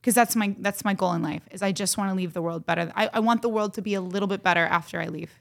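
A woman's voice: medium pitch, fast talker, creaky. A woman co-hosting a podcast, chatting casually in a rambling way full of fillers and restarts. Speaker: podcast co-host. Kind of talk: casual chat.

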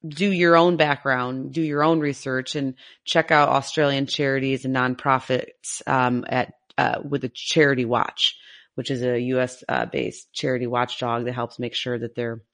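A woman co-hosting a casual podcast, talking in an emotional, halting way as she gets teary. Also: rumbling low, little pitch movement, fairly bright tone. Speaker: podcast co-host.

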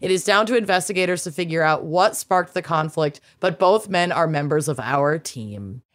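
A woman's voice: low-pitched, moderate pace. A woman co-hosting a casual podcast, reading news stories aloud and breaking into laughing asides. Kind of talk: casual chat.

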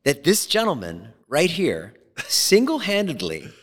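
Male podcast host, forties, animated self-deprecating storyteller, reverberant room. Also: a little high, measured pace. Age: 40s. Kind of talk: casual chat. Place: podcast studio.

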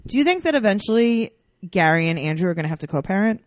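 A woman's voice: medium pitch, big pitch swings, quick pace, no room sound, studio quality. A woman co-hosting a casual chat, recapping a reality show and mocking the people in it with silly put-on voices. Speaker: podcast co-host.

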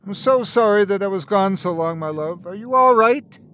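A man voicing an elderly husband, emotional, his voice rising with excitement. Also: high voice, normal speed, smooth, voice pushed up. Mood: tearful joy. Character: elderly husband, tender and overjoyed.

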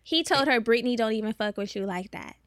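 A woman co-hosts a casual podcast, telling her stories in animated, slang-heavy talk. Her voice sits fairly high, and it is recorded dry and close with no room sound. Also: quick pace, no echo. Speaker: podcast co-host.

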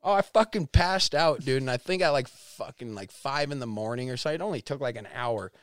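A man of middle pitch tells a long story as a podcast guest, animated and swearing at every turn. He slips into acted-out voices for what he and others said. The sound is close and dry, with no room around it. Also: a little fast, no echo. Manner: animated, swears constantly, acts out quotes. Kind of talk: casual storytelling interview.

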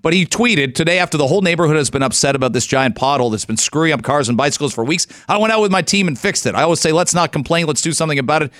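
A man's voice: on the high side, rapid-fire, few pauses, no room sound, clean studio sound. Emphatic Canadian talk radio host, man. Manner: animated, emphatic, opinionated.

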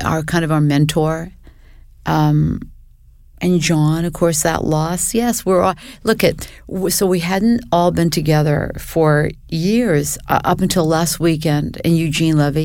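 An older woman speaks in a lowish voice, reflective and a little halting, often starting her sentences over. The sound is dry and close to the mic, with no room around it. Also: steady tone, darkish tone, dry recording. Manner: reflective, halting with many restarts. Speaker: guest. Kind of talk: casual interview chat.

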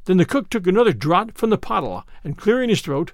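A man narrating an old adventure tale as a storybook reading, in a lively, old-fashioned storytelling manner. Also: high voice, a little fast, few pauses, no room sound, clean studio sound.

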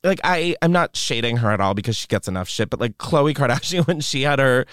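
A man's voice: mid-range voice, fairly quick, clean tone, dry recording, studio quality. A young man hosting a podcast, chatting and gossiping in a sassy, joking way and often cutting in. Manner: animated, sassy, interrupts and jokes. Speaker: podcast host. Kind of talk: casual gossip chat.

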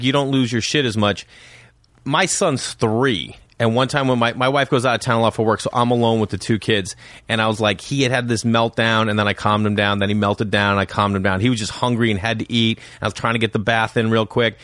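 A man's voice: medium pitch, brisk, no echo, clean studio sound. A man who is a comedian guest on a podcast, chatting casually and acting out the scenes in his stories. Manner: animated storyteller who acts out scenes. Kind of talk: casual chat. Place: home man cave.

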